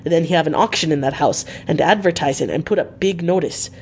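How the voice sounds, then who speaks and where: A woman's voice: deep voice, fairly quick, a little hiss or hum, close to an everyday voice. A woman reading a storybook aloud, voicing an elderly foreign male professor who speaks earnestly in broken, formal English. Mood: wry explaining.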